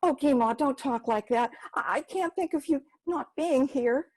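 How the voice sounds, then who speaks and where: A woman's voice: high voice, normal speed, a little mellow, pitched above the performer's own voice, natural voice, rough recording. A woman storyteller voicing an eager, curious young girl who asks pleading questions.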